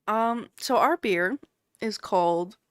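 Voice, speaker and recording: A woman's voice: medium pitch, slow pace, clear, resonant tone, no echo. A woman co-hosting a casual podcast, chatting loosely and reading out beer details with plenty of filler words. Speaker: podcast co-host. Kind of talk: casual chat.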